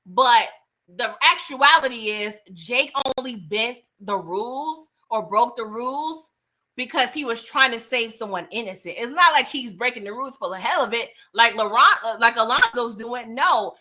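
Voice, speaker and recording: Woman doing a chill movie review vlog, bright kinda high voice, laughs a lot, slangy. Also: moderate pace. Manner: chatty and animated, laughs often, slangy asides.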